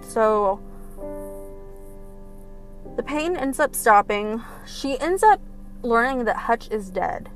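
A young woman casually retelling a film plot, animated and profane, with lots of fillers. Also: fairly high pitch, slow, pauses often, faint music behind. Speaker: film recapper. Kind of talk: casual storytelling recap.

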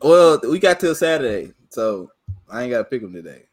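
A man's voice: medium pitch, very animated, brisk, over music. A man co-hosting a casual sports podcast over a remote call, teasing a friend and repeating himself with laughs. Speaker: podcast co-host.

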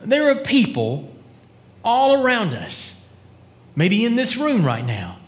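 A man preaches in church in a bright, high voice that rises and falls freely. He talks to his congregation conversationally, asking them questions. He drops to a near whisper for dramatic quotes. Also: wildly swooping pitch, slow. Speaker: pastor. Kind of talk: sermon.

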